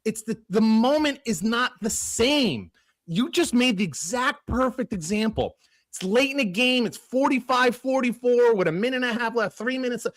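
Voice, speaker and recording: A man co-hosting a sports podcast, talking casually and ranting with animated swearing. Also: very high-pitched, normal speed, no room sound. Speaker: podcast co-host. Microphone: podcast studio mic.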